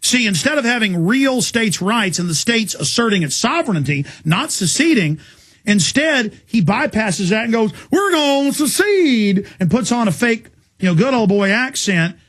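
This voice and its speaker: A man hosting a political talk interview, speaking in a fiery, emphatic, rapid-fire way. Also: high voice, animated, a bit bright. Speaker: talk show host.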